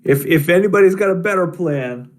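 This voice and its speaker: A man's voice: sits high, animated, brisk. A man playing a tabletop game, easygoing and chuckling, with hesitant restarts. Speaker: player. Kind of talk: casual tabletop play.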